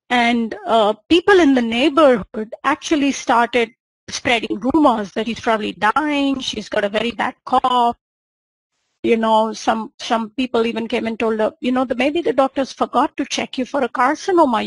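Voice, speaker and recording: An Indian woman gives a homeopathy lesson, walking through a patient's case in her own words. Her voice sits high and a little husky. The recording is close and dry, with no room sound. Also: dry recording, poor audio. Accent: Indian English. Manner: retells the patient's words in first person, with frequent "yeah?" checks. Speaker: homeopathy teacher. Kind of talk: lecture presenting a case.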